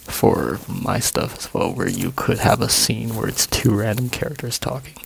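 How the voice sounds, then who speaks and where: A man hosting a let's play, musing in a relaxed way as casual gameplay commentary. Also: lowish voice, creaky, slight background noise, low-quality recording.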